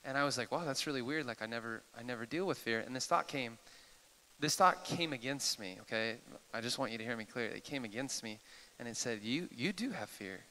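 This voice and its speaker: Eager bright-voiced man in a hall. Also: medium pitch, brisk, a little hiss or hum. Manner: eager, excitable, apologetic asides. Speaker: host. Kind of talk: live Q&A sharing. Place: church hall, live audience. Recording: echoey hall.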